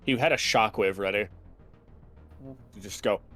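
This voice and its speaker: Calm, lower-voiced male tabletop player. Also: a little slow, faint music behind. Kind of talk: casual chat while playing a tabletop game.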